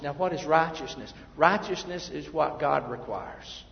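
A male pastor preaching a sermon, emphatic, then dropping to quiet asides. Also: on the high side, slow pace, creaky, few pauses. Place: church sanctuary. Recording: muffled, echoey church hall.

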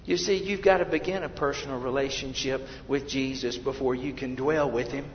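A man preaching a sermon as pastor, swinging between loud, emphatic reading and quiet, intimate asides to his listeners. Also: mid-range voice, fairly even intonation, a little fast, a little hiss or hum. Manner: addresses listeners as beloved. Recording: long hall reverb, dull lo-fi sound.

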